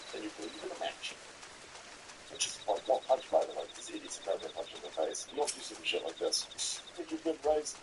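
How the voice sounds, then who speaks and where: A man's voice: fairly high pitch, creaky, background noise. A man giving casual, sarcastic, mocking commentary while reacting to videos.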